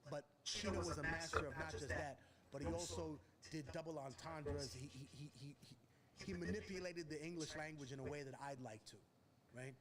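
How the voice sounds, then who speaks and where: A man, a rapper, telling stories in a live on-stage Q&A, animated and profane. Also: on the high side, normal speed, a loud crowd. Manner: animated storyteller, profane, acts out quotes. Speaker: rapper answering audience questions.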